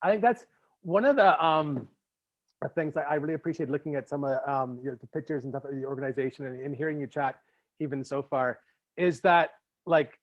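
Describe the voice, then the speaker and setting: A man's voice: a little high, brisk. A man from Canada hosting a podcast interview in casual chat, rambling with many fillers and restarts. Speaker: podcast host. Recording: slightly muffled lo-fi audio.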